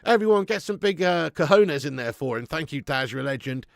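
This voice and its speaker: A man hosting a live football watch-along, bantering loudly, swearing and reading out chat messages on a close mic. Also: fairly high pitch, lively intonation, brisk, vocal fry, no echo. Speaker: fan channel host.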